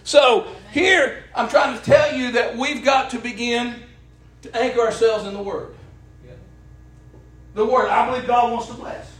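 A middle-aged man preaching a sermon, folksy and impassioned, calling for the congregation's answers and rising to shouts. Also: extremely high pitch, steady tone, a little slow, roomy sound. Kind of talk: sermon with call and response. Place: church.

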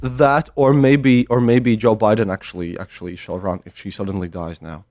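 A man chatting as a podcast guest over a voice call, halting and full of restarts, with a joking tone. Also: fairly low pitch, fairly even intonation, a little mellow. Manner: halting, restarts often, jokey. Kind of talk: casual chat over a call.

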